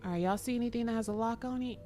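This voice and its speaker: A woman's voice: on the high side, rapid-fire, mellow. A woman streaming a game live, chatty and joking, talking to her chat. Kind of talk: casual live gameplay commentary.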